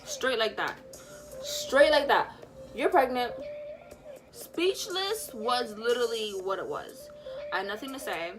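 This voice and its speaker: A young woman casually retelling a personal story, animated and full of fillers, acting out what people said. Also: fairly high pitch, normal speed, music in the background. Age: young adult. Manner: animated, lots of fillers, acts out quotes. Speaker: vlogger.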